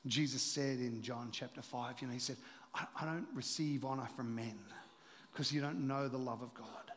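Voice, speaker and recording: A man preaching a sermon as pastor, joking with the congregation and sometimes dropping to a hushed voice for emphasis. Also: mid-range voice, fairly even intonation, normal speed, long reverb tail, a little hiss or hum. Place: church auditorium.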